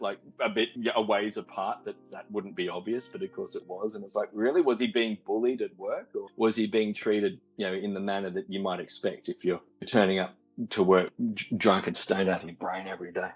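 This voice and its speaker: Husky low-voiced man, halting. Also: poor audio. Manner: halting, repeats words, laughs wryly. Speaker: caller. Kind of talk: casual storytelling on a call.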